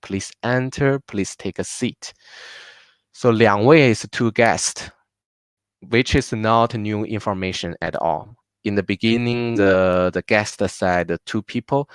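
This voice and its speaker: Slow, patient male language teacher. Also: lowish voice, smooth, no room sound. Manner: patient, repeats words slowly for learners. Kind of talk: live online language class.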